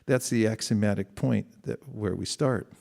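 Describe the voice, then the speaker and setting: A man's voice: lowish voice, normal speed, creaky, a little mellow. A middle-aged man giving a conversational sermon, asking the audience questions and acting out quoted exchanges. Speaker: spiritual teacher.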